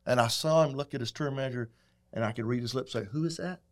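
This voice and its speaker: A middle-aged man, a guest telling folksy, animated stories in casual chat. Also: medium pitch, fast talker. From Texas. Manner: folksy, animated, acts out quotes. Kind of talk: casual storytelling.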